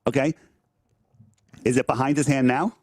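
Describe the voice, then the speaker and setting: A man's voice: mid-range voice, fairly even intonation, normal speed, a little mellow, no room sound, studio quality. A man on a livestream debating a caller, insistent and repeating himself. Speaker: streamer arguing with a caller.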